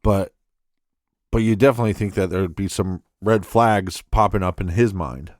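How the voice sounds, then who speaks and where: A man's voice: deep voice, moderate pace, darkish tone, no room sound, clean studio sound. A man co-hosting a podcast, thinking aloud and speculating with hedges and restarts. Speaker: podcast co-host. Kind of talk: casual podcast discussion.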